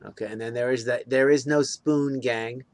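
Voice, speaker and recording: A man chatting casually as a host, relaxed and rambling, chuckling now and then. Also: medium pitch, normal speed, dry recording. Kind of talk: casual chat.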